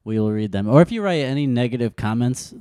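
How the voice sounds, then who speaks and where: A man's voice: mid-range voice, animated, fast talker, warm tone, dry recording, clean studio sound. A man co-hosting a casual podcast, ribbing his guest with sarcastic, profane remarks. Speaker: podcast co-host.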